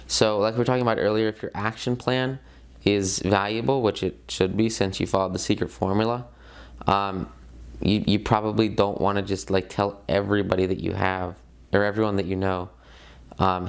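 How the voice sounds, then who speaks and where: A young man with a low, gravelly voice gives a casual online lesson. He talks in a loose, conversational way, full of fillers, and hits the key points hard. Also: little pitch movement, moderate pace. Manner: conversational, emphatic, filler-heavy. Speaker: course instructor.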